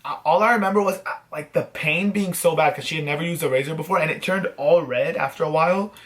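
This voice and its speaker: Animated man telling a story. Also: on the high side, quick pace, over music. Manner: animated, self-mocking, swears freely. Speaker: vlogger host. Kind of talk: casual storytelling to camera.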